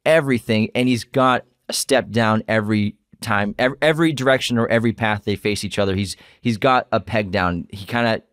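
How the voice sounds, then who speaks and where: Man, podcast co-host, rambling, excited, dry close sound. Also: fairly low pitch, brisk, few pauses, no room sound. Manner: excited, rambling, restarts sentences. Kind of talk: casual film discussion.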